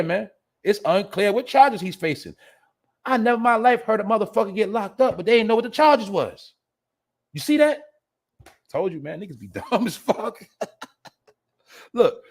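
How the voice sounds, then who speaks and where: A man hosting a podcast, giving animated, profane casual commentary in with laughing asides. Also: sits high. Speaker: podcast host.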